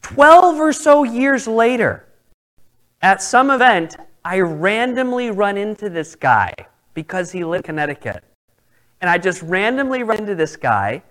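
A man's voice: high-pitched, a little slow, rough recording. A male pastor preaching a sermon, telling a personal story with acted-out dialogue. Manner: animated storytelling, acts out quoted dialogue.

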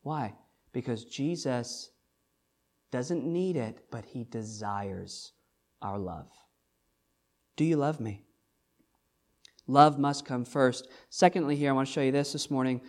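A man's voice: medium pitch, slow, long pauses. A pastor preaching to his congregation in a church. His delivery is earnest and emphatic, full of rhetorical questions and phrases repeated for weight. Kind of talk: sermon.

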